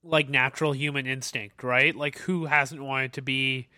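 Bright, dry-voiced excitable man. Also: mid-range voice, normal speed, no echo. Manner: excitable, swears freely. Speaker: podcast co-host. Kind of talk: casual chat.

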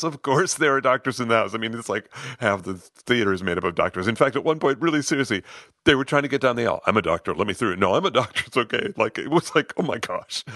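A middle-aged man telling a personal story in an animated way, acting out the lines of other people. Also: mid-range voice, no echo, clean studio sound. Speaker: host, storyteller. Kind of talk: personal story told to listeners.

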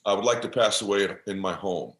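A man quoting his dying older father in a low, faint voice, short of breath. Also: brisk, reverberant, lightly acted. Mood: resigned.

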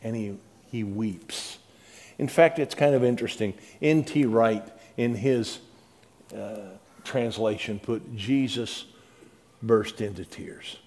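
A male pastor preaching in a conversational way, repeating words and swinging between soft, quiet passages and louder, emphatic ones. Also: medium pitch, slow. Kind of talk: sermon.

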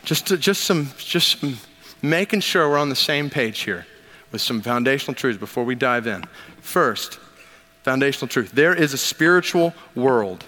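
A man's voice: medium pitch, moderate pace, sharp tone. A man preaching a sermon as pastor, reading scripture aloud and talking it through in an emphatic, conversational way with joking asides. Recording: long reverb of a large hall.

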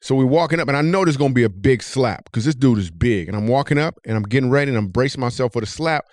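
Animated storytelling man, dry sound. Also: quick pace, no room sound. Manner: animated, jumps high when telling the punchline. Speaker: comedian and podcast host.

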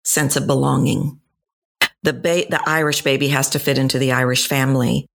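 Texan woman, 50s, low register, lively storyteller, podcast guest. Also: moderate pace, gravelly. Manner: animated storyteller, acts out quoted voices. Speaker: voice and dialect coach. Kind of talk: podcast interview answers.

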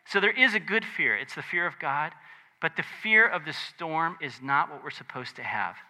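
A man preaching a conversational sermon, animated and chatty, with joking asides. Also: a little high, moderate pace. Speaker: pastor.

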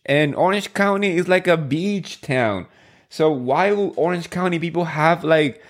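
A man in his thirties with a somewhat high-pitched voice hosts a reality-TV recap podcast. He talks in a loose, gossipy way, packing his speech with "like" and incredulous rhetorical questions. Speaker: podcast host. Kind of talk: casual reality-TV recap chat.

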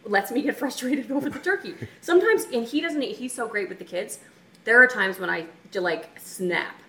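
A woman co-hosting a marriage talk, telling personal stories in a casual, animated way. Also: on the high side. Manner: animated, talks through stories with quick asides. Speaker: marriage coach co-host. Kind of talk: casual chat, personal storytelling. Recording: echoey room with faint noise.

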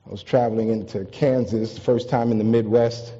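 A pastor from the East Coast preaching a sermon, telling stories with humor and building to emphatic peaks. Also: male voice, fairly low pitch, steady tone, fairly quick, mellow, husky. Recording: long reverb, dull lo-fi sound.

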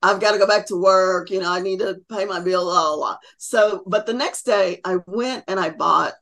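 A woman's voice: medium pitch, moderate pace, a bit bright. Interview guest, middle-aged woman, chatty storyteller who acts out quotes. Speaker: podcast guest.

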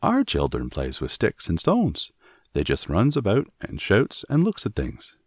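A man's voice: low voice, huge pitch swings, measured pace, husky, no echo, studio quality, pitched above the performer's own voice, heavily acted. A man voicing a cheerful, forthright young Yorkshire maid with a broad Yorkshire accent in a storybook reading. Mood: cheerful, blunt. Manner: broad dialect, homely and forthright.

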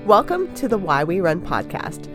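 A woman hosting a podcast and interviewing a guest, upbeat and expressive, a running coach by trade. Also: on the low side, moderate pace, music in the background.

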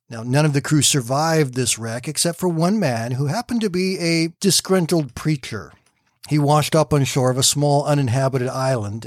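A man hosts a morning devotional, telling a story in a calm, reassuring way. His voice sits in a middle pitch. The recording is close and dry, with no room sound. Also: no echo. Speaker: devotional radio host.

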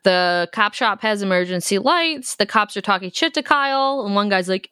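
Animated woman recapping a horror movie. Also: medium pitch, a little fast, few pauses, clear, resonant tone, dry recording, clean studio sound. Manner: animated retelling, acts out characters' lines, swears freely. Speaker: podcast co-host. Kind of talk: casual movie recap chat.

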